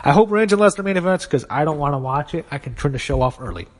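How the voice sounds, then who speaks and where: A man with a slightly high voice hosts his own show and gives his wrestling predictions in a casual, blunt and opinionated way. He swears freely and speaks with conviction. A long reverb trails behind his words. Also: expressive, fast talker.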